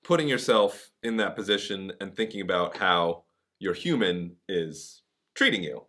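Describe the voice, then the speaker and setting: A man's voice: deep voice, lively intonation, moderate pace, a bit bright. A man hosting a podcast, giving short prompts and asking curious questions in casual chat. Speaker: podcast host.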